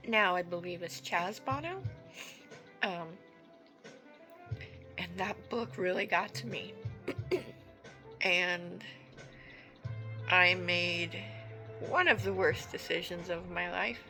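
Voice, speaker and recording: Woman vlogger telling her story real slow, kinda halting and earnest, soft music in the back. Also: lowish voice, poor audio. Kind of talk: personal storytelling.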